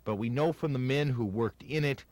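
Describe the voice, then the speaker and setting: A man narrating a news piece in a grave, deliberate manner. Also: mid-range voice, darkish tone, dry recording.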